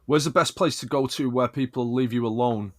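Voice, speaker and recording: A man's voice: medium pitch, brisk. A man playing at a tabletop game, talking bluntly and grumpily in character. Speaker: player. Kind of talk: in-character tabletop role-play.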